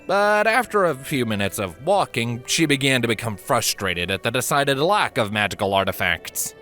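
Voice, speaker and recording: A man narrating a fan story aloud in a lively, expressive storytelling manner. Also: medium pitch, moderate pace, faint music behind. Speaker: reader.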